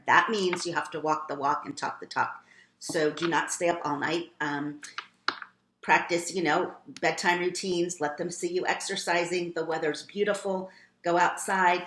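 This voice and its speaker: A woman gives parenting tips as a steady, directive list, with a few fillers. Her voice sits very low for a woman. The room is echoey, with faint noise behind her. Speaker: parenting educator. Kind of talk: live-streamed advice talk.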